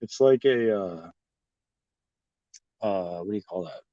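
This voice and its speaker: A man's voice: on the low side, slow, no room sound. A man talking casually to his livestream chat, rambling and mocking with lots of swearing. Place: at a restaurant. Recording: dry, slightly dull audio.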